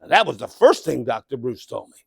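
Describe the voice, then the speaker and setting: A middle-aged man giving a live motivational keynote speech, animated, calling out to the crowd and breaking into shouts. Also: medium pitch, fairly quick, vocal fry, breathy edge, no echo. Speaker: motivational speaker. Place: conference event room.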